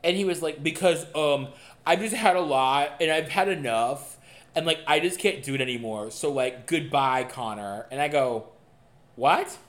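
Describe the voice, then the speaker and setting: A young man co-hosting a podcast, telling a dating story in a casual, animated and profane way. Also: a little high, moderate pace. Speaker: podcast co-host. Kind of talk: casual chat.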